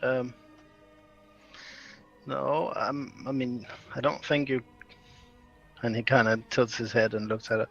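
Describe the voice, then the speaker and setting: A man's voice: mid-range voice, level tone, slow, creaky, pauses often, a bit bright, dull audio, soft background music. A man playing in character at a tabletop game, hesitant and cautious. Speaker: player. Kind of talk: in-character tabletop role-play.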